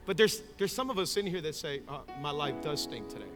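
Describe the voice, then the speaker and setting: A man preaching a sermon in a church, moving from casual storytelling to shouted, fervent exhortation. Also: fairly high pitch, expressive, a little fast, music in the background. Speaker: pastor. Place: church sanctuary with congregation.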